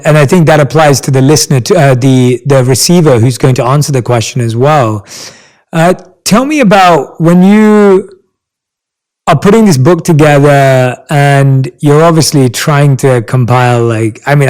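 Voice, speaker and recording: A man's voice: mid-range voice, expressive, normal speed, darkish tone, low-quality recording. A man hosting a podcast interview, asking questions in an enthusiastic, affirming way. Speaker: podcast host. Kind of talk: conversational interview.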